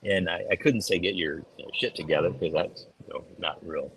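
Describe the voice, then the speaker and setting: A middle-aged man chatting casually as a podcast co-host, telling stories and acting out quoted voices with big jumps in pitch. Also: a little fast, a bit bright, a little hiss or hum, rough recording. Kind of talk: casual chat.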